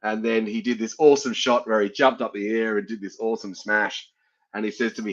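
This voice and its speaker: A man's voice: fairly low pitch, fairly even intonation, fairly quick. An Australian man hosting a sports podcast, chatting casually and laughing at his own fumbles. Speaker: podcast host. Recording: dull lo-fi sound.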